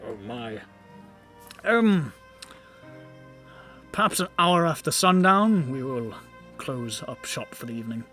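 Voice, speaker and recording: Woman playing a fussy male shopkeeper, soft, genteel, hesitant, faint music behind. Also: extremely low pitch, sing-song, slow, pauses often, voice pushed down, exaggerated voice. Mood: polite.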